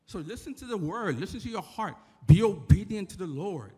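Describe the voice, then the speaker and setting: A church member from the Bronx, New York accent in full force, delivers a brisk, animated informal sermon in a high, warm, slightly rough voice. He talks to the crowd conversationally, repeating "right?" The recording echoes through the church hall.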